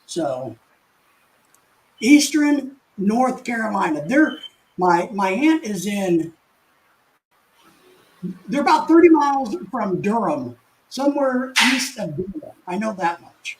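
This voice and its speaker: An older man with a fairly high voice hosts a casual home live stream, reading viewer comments in a folksy, rambling way as he restarts sentences and chuckles. He's very animated yet slow, with long pauses, and the poor audio carries slight background noise.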